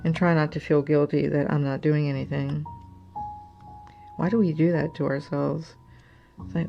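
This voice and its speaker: Low, gravelly woman rambling over crafts. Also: level tone, a little slow, pauses often, muffled recording, faint music behind. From United States. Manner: rambling, venting, drifts into muttering to herself. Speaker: crafting channel host. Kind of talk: casual chat while diamond painting.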